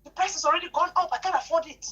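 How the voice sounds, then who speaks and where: A woman, telling an emotional personal story in an animated, indignant way, often repeating herself. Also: very high voice, racing, dull audio. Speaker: guest telling her story.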